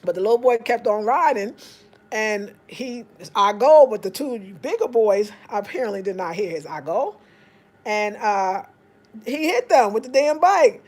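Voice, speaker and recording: An African American woman spins a casual story for her viewers. She talks in a slightly high voice and jumps into animated, raised voices when she quotes people. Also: moderate pace. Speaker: vlogger.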